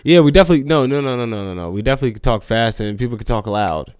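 A man's voice: mid-range voice, expressive, very fast, smooth, no echo, clean studio sound. A young man from New Jersey co-hosting a podcast, talking loose and profane, with lots of "like" and restarts. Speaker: podcast co-host. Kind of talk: casual podcast chat.

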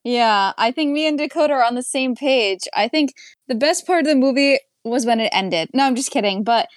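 A woman's voice: high voice, animated, a little fast, no room sound, clean studio sound. A young woman co-hosting a casual movie review podcast, blunt and sarcastic in her criticism. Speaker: podcast co-host.

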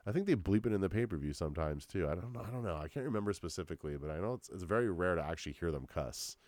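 A young man hosts a solo podcast, ranting casually in a racing, expressive, low-pitched voice that is a little mellow. His slangy rambling is heavy on profanity and packed with "dude" and "like," with no room sound at all.

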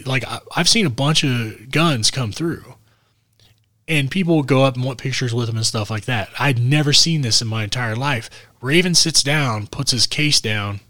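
A man's voice: mid-range voice, no room sound. Man telling a road story, dry close mic. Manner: animated, acts out quotes of others. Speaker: podcast co-host. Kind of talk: casual storytelling.

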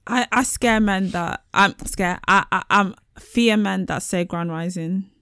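A woman's voice: mid-range voice, measured pace, smooth, no room sound, clean studio sound. Joking woman co-hosting a chat show. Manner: joking, animated banter. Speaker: podcast co-host. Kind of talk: casual chat.

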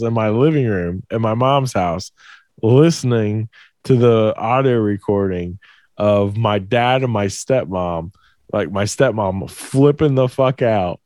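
A man telling a story in casual chat, animated and profane, often laughing. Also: mid-range voice, dry recording, studio quality. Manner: animated, profane, laughs through his stories.

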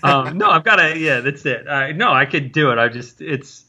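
Bright-voiced rambling actor guest. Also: male voice, a little high, expressive. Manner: rambling, halting, many self-interruptions and restarts. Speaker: guest, stage and screen actor. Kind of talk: casual interview chat.

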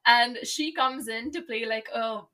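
Young woman podcast cohost, slightly high voice, rambly, lots of likes and laughs. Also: unhurried, sharp tone. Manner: chatty, laughs often, many likes and fillers. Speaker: podcast co-host. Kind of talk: casual chat.

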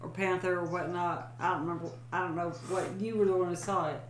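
A woman's voice: lowish voice, steady tone, fast, echoey room, slight background noise. A woman, co-hosting a podcast and telling a story with casual swearing and laughter. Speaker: podcast co-host. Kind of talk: casual chat.

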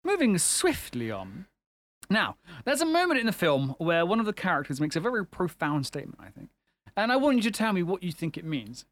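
A man hosts a podcast in loose, teasing chat and laughs often. His pitch jumps around a lot. The sound is dry and close. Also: wildly swooping pitch, brisk, no room sound. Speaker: podcast host. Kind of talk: casual chat.

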